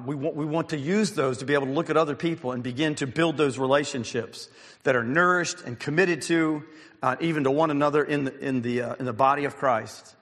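A man preaching a sermon as a pastor, telling stories with fillers, restarts and an occasional clearing of the throat. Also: medium pitch, a bit bright, in a large hall.

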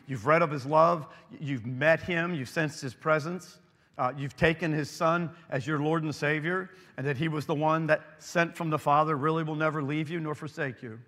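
A man preaches with an earnest, searching tone, often turning to put questions to his listeners. His voice sits a little on the higher side, and it carries a long reverb as if filling a large hall. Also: pushed and bright. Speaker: pastor. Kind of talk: sermon.

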